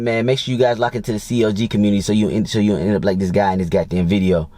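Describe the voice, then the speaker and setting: A man's voice: on the low side, steady tone, fast, few pauses, dark tone. A man talking as a dating coach in a blunt, crude, casual monologue, full of swearing and fillers.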